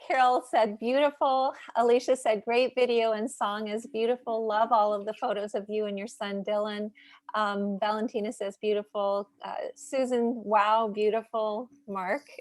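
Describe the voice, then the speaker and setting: A woman hosting an online video call meeting, reading chat messages aloud in a warm, moved way. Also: mid-range voice, steady tone, moderate pace, no echo. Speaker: meeting host. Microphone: computer mic on a video call.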